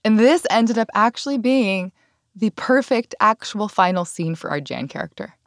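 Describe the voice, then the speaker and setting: A woman hosting a podcast, telling a personal story in a candid, animated way and laughing now and then. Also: medium pitch, normal speed, dry recording, clean studio sound. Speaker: podcast host. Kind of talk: casual storytelling chat.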